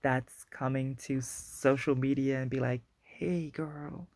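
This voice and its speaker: A woman's voice: extremely low pitch, monotone, unhurried, a little mellow, no room sound. A woman from Guadeloupe with a Guadeloupean accent, hosting a solo podcast in a chatty, rambling way and joking about being wordy. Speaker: podcast host.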